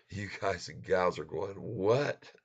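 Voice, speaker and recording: Very deep-voiced American man, chatty. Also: unhurried, lo-fi sound. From United States. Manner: chatty, laughs often, mixes in French and Spanish. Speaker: live streamer. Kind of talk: casual live-stream chat with viewers.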